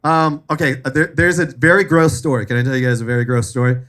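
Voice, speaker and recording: A man's voice: mid-range voice, steady tone, fast talker, fairly bright tone. Man, comedy show host, live venue, joking, swearing, laughing. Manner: loose, joking, swearing, laughing at own stories.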